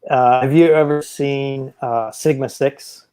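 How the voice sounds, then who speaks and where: A man hosting a casual live stream chat, rambling with hesitant pauses and reading chat comments aloud over a video call. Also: medium pitch, fairly even intonation, a little mellow, clean tone. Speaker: host. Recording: choppy home Wi-Fi video call.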